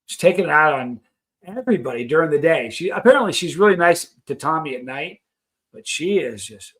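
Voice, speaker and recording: A man's voice: a little high, expressive, a little fast, a bit bright. A man hosting a live stream, chatting casually and reading out viewer comments in a rambling, friendly way.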